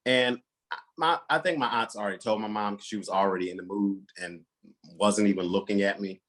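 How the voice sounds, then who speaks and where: A man telling his coming out story as a guest, animated and acting out the voices of his relatives. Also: lowish voice, a little fast. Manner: animated, acts out quoted relatives. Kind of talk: personal storytelling.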